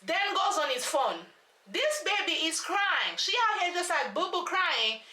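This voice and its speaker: A woman, ranting through an animated, slangy recap of a reality show with lots of rhetorical questions. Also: very high-pitched, measured pace. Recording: echoey room.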